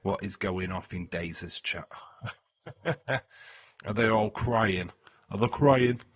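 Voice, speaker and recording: A man's voice: on the low side, takes it slowly, husky, muffled recording. A man hosting a live watch-along stream. He chats casually and bluntly with viewers, swears freely and laughs at his own jokes.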